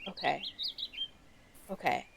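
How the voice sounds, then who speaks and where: A slow-talking woman streams a horror game, offering loose, rambling commentary packed with fillers and the occasional curse. She's excitable and swears freely, and a little hiss or hum runs under the audio.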